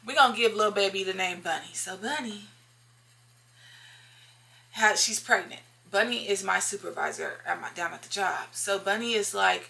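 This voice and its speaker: Bright-voiced woman telling a storytime. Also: medium pitch, moderate pace, gravelly. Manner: emphatic, repeats lines for effect, talks straight to viewers. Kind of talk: casual storytime monologue.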